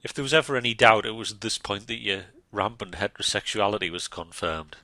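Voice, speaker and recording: A man's voice: fairly low pitch, fast talker, sharp tone, dry recording. A man co-hosting a casual podcast chat, teasing and asking prodding questions. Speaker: podcast co-host.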